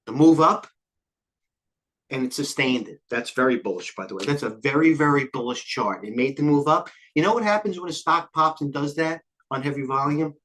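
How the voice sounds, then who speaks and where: An older man hosting a live trading stream, talking quickly and jumping between stock tickers, a little out of breath. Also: fairly high pitch, lively intonation, a bit bright. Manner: rapid, scattered, jumps between tickers. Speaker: trading show host. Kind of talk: live market commentary.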